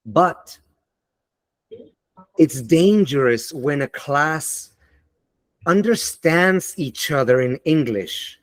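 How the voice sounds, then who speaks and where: Slow, deliberate man giving a webinar. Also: fairly high pitch, animated, no echo. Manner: deliberate, emphatic, motivational. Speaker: teacher and webinar speaker. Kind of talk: online teaching webinar.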